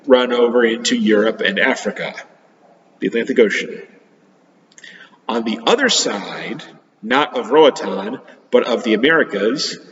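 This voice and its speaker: A man teaches a class of children, explaining things simply and patiently and pausing often. His voice comes through a dull, lo-fi recording that rings in a roomy space with a long reverb tail. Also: medium pitch, slight background noise. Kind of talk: geography lesson for children.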